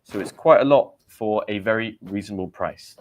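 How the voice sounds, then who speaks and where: A man's voice: on the low side, moderate pace, darkish tone, a little hiss or hum. A man with a British accent hosting a live vocabulary lesson, quizzing viewers and reading out their comments in a chatty way. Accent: British English. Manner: chatty, asks viewers quiz questions and reads out their comments. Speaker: English teacher and livestream host.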